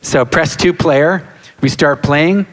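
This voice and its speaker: Animated man in his 60s telling stories in a hall. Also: fairly high pitch, slow pace. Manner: animated storyteller, acts out quotes and sound effects. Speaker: guest actor on a convention panel. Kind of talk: anecdote-telling on a live panel. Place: large hall with live audience. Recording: reverberant hall.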